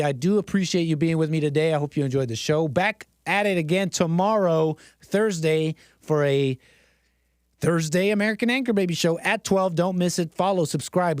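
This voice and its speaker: A man's voice: fairly high pitch, dry recording. Theatrical male stream host, dry close mic. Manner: theatrical, mock-dramatic, repeats phrases for effect. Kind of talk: live-stream commentary.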